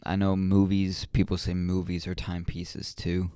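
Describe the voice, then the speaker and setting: A man's voice: low-pitched, monotone, normal speed, warm tone, clear, resonant tone, dry recording, clean studio sound. A young man hosting a podcast, talking casually on his own in a rambling, reflective way, yawning often. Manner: rambling and reflective, with many ums and restarts. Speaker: podcast host. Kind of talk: casual solo podcast talk.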